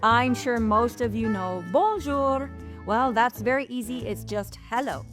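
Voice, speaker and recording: A woman's voice: animated, a little slow, music in the background. A middle-aged woman from Canada, teaching travel phrases in a playful, casual chat. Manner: playful, raises pitch when speaking French. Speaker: travel vlogger.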